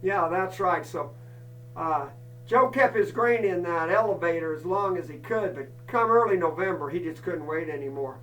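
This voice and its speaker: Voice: mid-range voice, normal speed, a bit bright, distant mic, slight background noise, rough recording. A storyteller telling a folk campfire tale, folksy and chatty, with asides to the listeners.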